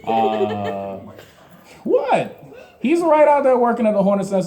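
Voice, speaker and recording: Young man, stand-up comedian, crude ranting humor, self-mocking, mellow voice, lively pitch. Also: slow. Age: 20s. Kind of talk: open mic stand-up. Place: small comedy venue.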